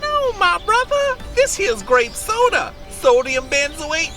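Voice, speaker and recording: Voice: very high voice, very animated, slow pace, heavily acted. An actor voicing a boastful male game enemy who drawls in cocky slang. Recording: game clip with music.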